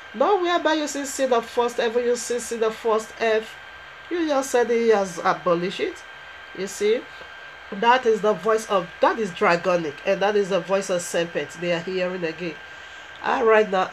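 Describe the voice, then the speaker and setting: A woman's voice: fairly high pitch, slight background noise, rough recording. A woman preaching a fervent sermon, driving her points home with emphatic rhetorical questions.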